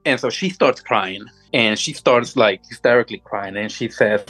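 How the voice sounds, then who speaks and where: A man telling a personal supernatural story as a guest, halting and restarting often, audibly moved as he talks. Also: on the low side, fairly bright tone, breathy edge, faint music behind, poor audio. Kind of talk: emotional first-person storytelling.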